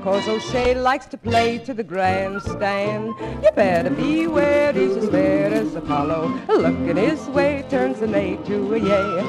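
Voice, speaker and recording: A woman's voice: medium pitch, expressive, measured pace, few pauses, loud music behind the voice, close to an everyday voice, rough recording. Woman playing a cheerful young housewife, sing-song, old musical film, orchestra behind. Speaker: housewife who also sings. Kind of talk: 1940s film musical comedy.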